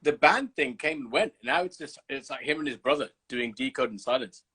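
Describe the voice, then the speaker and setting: A man hosting a casual livestream chat from the UK, telling animated stories and swearing freely. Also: mid-range voice, fairly quick, slightly rough. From United Kingdom. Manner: animated storyteller, swears freely, acts out scenes. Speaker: host. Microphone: video call.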